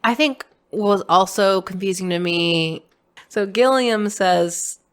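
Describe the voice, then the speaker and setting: A woman co-hosting a podcast, chatting frankly about a film with quick reactions and casual swearing. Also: mid-range voice. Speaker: podcast co-host.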